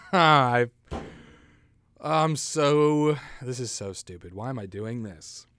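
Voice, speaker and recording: A man's voice: mid-range voice, expressive, slow, fairly bright tone, slight background noise. A man hosting a casual solo podcast, rambling through crude jokes, mocking himself and laughing at his own bits. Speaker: podcast host.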